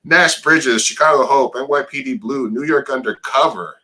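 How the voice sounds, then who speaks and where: Bright-voiced joking male host. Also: mid-range voice, poor audio. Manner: playful, joking, quick questions. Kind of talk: casual interview.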